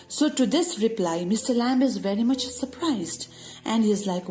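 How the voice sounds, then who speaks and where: Woman teacher, soft mellow tone, patient and explanatory, faint music underneath. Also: a little high, expressive, normal speed. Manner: patient explanatory, frequent "you know" fillers. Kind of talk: explaining a story summary to students.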